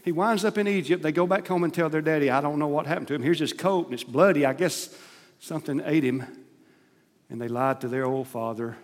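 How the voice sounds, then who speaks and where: A man preaching a sermon as pastor, emphatic, rising to loud stressed phrases and dropping to soft asides. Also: a little high, a little fast. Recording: long hall reverb.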